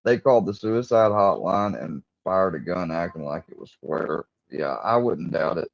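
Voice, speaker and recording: A man's voice: deep voice, lively intonation, moderate pace, vocal fry, few pauses, no echo. A man on a livestream, arguing in a combative, profane, mocking way. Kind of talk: heated livestream argument. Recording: dull lo-fi stream audio.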